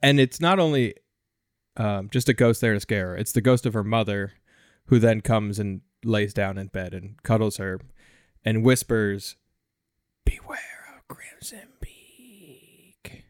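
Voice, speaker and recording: A man's voice: on the low side, moderate pace, clean tone, no room sound, clean studio sound. A man hosting a casual film podcast, recapping the plot with light jokes. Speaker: podcast host.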